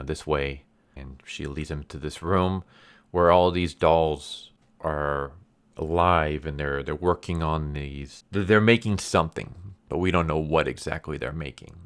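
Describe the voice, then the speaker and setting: Male comic reviewer, very low smooth voice, casual rambling plot summary. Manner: rambling, many fillers and restarts.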